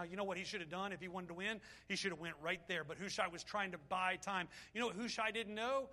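A middle-aged man preaching a sermon as pastor, fervent in his telling and softer as he closes in prayer. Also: high voice, a little fast, hardly any pauses.

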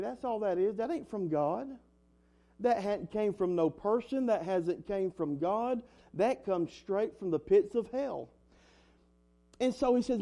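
A man's voice: sits high, animated, unhurried, warm tone. A young man preaching an earnest, emphatic sermon as a pastor, in a folksy way. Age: young adult.

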